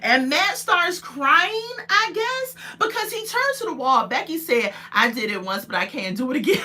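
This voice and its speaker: A woman casually recapping a reality show on a live stream, chatty and quick to laugh as she retells scenes. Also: medium pitch, bright, forceful tone. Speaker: show reviewer.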